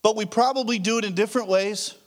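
A man's voice: sits high, steady tone, quick pace. A man preaching a sermon as a pastor, telling stories in a casual way with frequent restarts. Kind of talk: conversational sermon.

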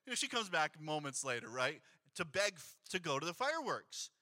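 A man's voice: a little high, brisk. A man in his thirties preaching a sermon as a pastor, telling a family story and acting out what people said. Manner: storytelling, animated, acts out quotes. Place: church sanctuary.

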